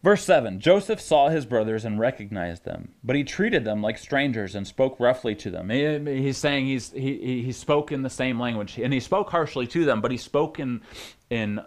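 Chatty male pastor, mid pitch. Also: expressive, normal speed. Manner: chatty, joking asides, many restarts. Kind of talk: casual sermon teaching.

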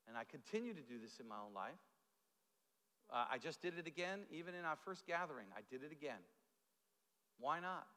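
A preacher with a high, bright voice speaks to his congregation in a loose, conversational way. He stumbles, repeats words and drops in little asides as he goes. His voice rings out with a long echo in a church hall. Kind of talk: conversational sermon. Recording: echoey hall.

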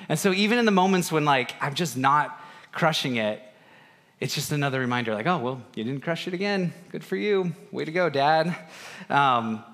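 A man's voice: a little high, sharp tone. A man in his thirties, a pastor giving a casual, self-deprecating sermon with family stories. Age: 30s. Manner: conversational, self-deprecating, acts out family dialogue. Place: church auditorium. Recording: long hall reverb.

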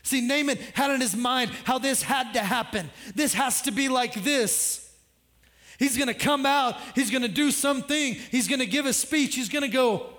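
A man's voice: very high-pitched, fairly bright tone, in a large hall. A man pastor preaching a sermon in a conversational way, with joking asides.

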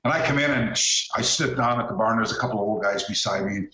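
A man in his sixties telling a story as an interview guest, animated and restarting often, on a video call. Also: fairly low pitch, fast talker. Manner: animated, acts out quoted voices, many restarts. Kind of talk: casual anecdotal storytelling. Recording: echoey room, dull lo-fi call audio.

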